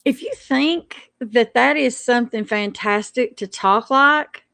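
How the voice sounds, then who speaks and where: A woman with a fairly high voice rants indignantly on a live stream. She stumbles and restarts her sentences as she goes. The sound is close and dry, with no room around it. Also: slow pace, creaky, sharp tone, dry recording.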